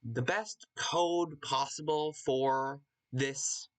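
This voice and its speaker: A man's voice: medium pitch, drawn-out words, a bit bright. A man voicing a dry, teasing male AI that lives in a toaster oven. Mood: wry.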